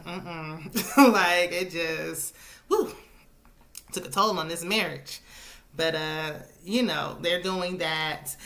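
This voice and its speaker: A slightly low-voiced woman chatting through a reality TV recap, opinionated and loose. She laughs often and fills her sentences with casual asides. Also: a bit bright.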